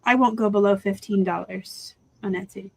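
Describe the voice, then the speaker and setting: A woman's voice: medium pitch, steady tone, normal speed, gravelly, no room sound, low-quality recording. A woman hosting a casual live-stream chat about reselling, rambling through asides and laughing often over a video call.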